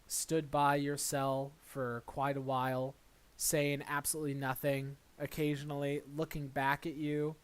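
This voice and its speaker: A man in a mid-range voice with a clean tone narrates a tabletop role-playing game as dungeon master. He's relaxed but halting, full of fillers and restarts.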